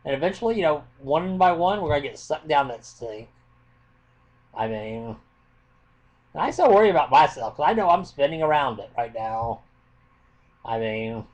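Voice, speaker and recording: A man records a heated rant into his webcam at home. His voice sits a little high and swings up and down a lot as he talks, blunt and impassioned, swearing freely as he makes his points. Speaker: vlogger.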